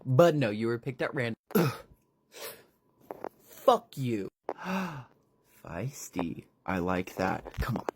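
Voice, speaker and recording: A storyteller voicing a menacing male villain who taunts his captive in a low, breathy voice with sudden quick jabs. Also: sing-song, background noise. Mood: taunting.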